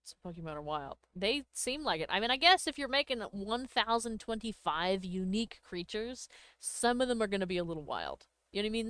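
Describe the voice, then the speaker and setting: A woman's voice: medium pitch, lively intonation, brisk, few pauses, a bit bright, clean tone, no echo. A woman hosting a livestream, chatting casually with viewers, thanking them and laughing often. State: hiccups. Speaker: livestream host.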